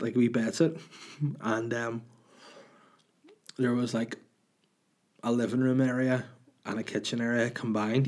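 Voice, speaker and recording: A man's voice: medium pitch, a little mellow. A young man with a Northern Irish accent, hosting a podcast in rambling, sweary, joking storytelling. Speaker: podcast host. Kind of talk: casual solo chat.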